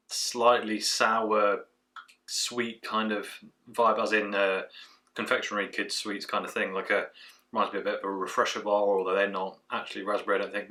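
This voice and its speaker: A man's voice: lowish voice, pushed and bright, far from the mic. A man giving a chatty, rambling craft beer tasting review. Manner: chatty, rambling, trails off with fillers.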